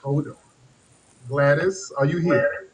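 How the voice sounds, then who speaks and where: A man's voice: a little high, steady tone, slow pace, crowd noise. A man hosting a live stream and roasting a caller, teasing her and repeating "ma'am" in a mocking way. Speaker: host.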